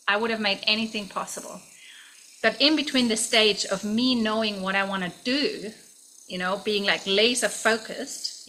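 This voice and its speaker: A woman's voice: medium pitch, bright, forceful tone, slight background noise, low-quality recording. A woman in her thirties from Germany, speaking, telling a personal story in a chatty way full of fillers and restarts. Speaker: vlogger.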